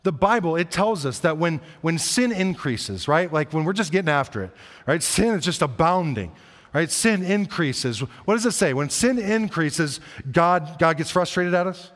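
A man's voice: on the high side, lively intonation, moderate pace, fairly bright tone, big-room sound. A man preaching a sermon in an earnest, conversational way, repeating key phrases for emphasis. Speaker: pastor.

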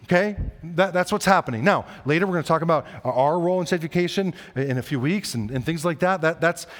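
A man's voice: a little high, fairly bright tone, big-room sound. A man preaching a sermon in an earnest, conversational way, repeating key phrases for emphasis. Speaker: pastor.

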